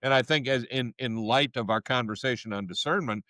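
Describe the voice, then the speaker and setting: A man's voice: mid-range voice, fairly quick, pushed and bright, dry recording. A man co-hosting a podcast, talking thoughtfully and restarting sentences as he works through a point. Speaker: podcast co-host. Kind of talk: casual discussion.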